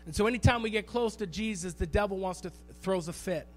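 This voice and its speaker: A man preaching a sermon as pastor in a church, animated and storytelling, repeating phrases for emphasis. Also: high voice, quick pace, faint music behind. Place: church sanctuary.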